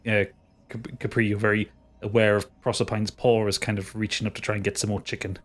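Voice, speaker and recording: A man narrating a tabletop game as game master, casual and halting, with frequent restarts. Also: on the low side, level tone.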